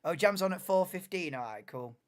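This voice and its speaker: A man's voice: high-pitched, expressive, brisk. Chatty man muttering through a stream. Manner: chatty, muttering asides, swears casually. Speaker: live watchalong host. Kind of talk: casual live commentary, chatting with chat.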